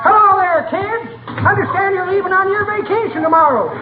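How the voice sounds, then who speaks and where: A high folksy old codger. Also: male voice, fairly quick, loud music behind the voice. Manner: folksy, drawling, mishears words. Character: rambling old male ranch-talking codger. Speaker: comic old-timer visitor. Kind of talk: 1940s radio comedy acting. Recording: tinny hissy old broadcast, audience laughter.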